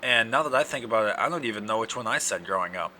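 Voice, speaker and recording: A young man with an Upper Midwest accent, hosting a casual solo podcast, ranting and cursing in loud outbursts, his throat dry from yelling. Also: fairly low pitch, expressive, quick pace, slight background noise. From Wisconsin. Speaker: podcast host.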